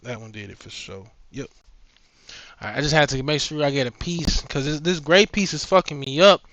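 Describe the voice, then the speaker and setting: A man's voice: on the high side, a little fast, a bit bright. A man vlogging while he sews, rambling and cursing to himself in a casual, muttered way. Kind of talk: casual self-talk while sewing.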